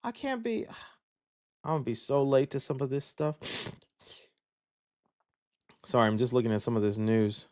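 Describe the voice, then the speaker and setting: A young man hosting a live show, chatting casually and reacting loudly, calling his viewers "dude.". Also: mid-range voice, a little slow, pauses often. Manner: excitable, loud reactions, says "dude" a lot. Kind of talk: casual livestream chat.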